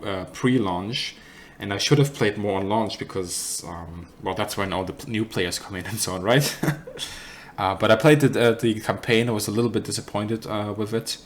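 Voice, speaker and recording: A man's voice: lowish voice, steady tone, normal speed, a little hiss or hum. A man with a German accent casually answering chat questions on a live stream, rambling and correcting himself with dry humour. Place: apartment.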